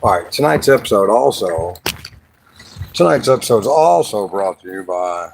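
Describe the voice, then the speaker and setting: A man hosting a casual livestream while fishing, rambling and joking, now and then jumping into high sing-song bits. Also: animated, moderate pace, vocal fry, husky, poor audio. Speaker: livestream host. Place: outdoors by the water, fishing.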